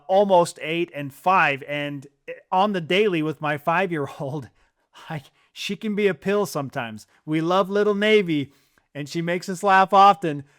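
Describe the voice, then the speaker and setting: A man hosting a podcast, leading segments in a brisk, upbeat way. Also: high-pitched, a bit bright, clear, resonant tone. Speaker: podcast host. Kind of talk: casual chat.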